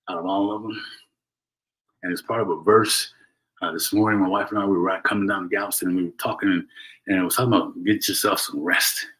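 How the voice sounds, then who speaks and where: A man's voice: deep voice, fairly bright tone, rough recording. A middle-aged man hosting a motivational livestream, talking earnestly and tagging "right?" onto his points. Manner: earnest, preachy, repeats "right?" and restarts. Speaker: host. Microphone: solo livestream from home.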